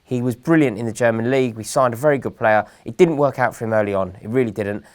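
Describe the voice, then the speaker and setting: Host, young man from England, mid-pitched, measured, dryly sarcastic football chat. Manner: earnest, measured, gently sarcastic.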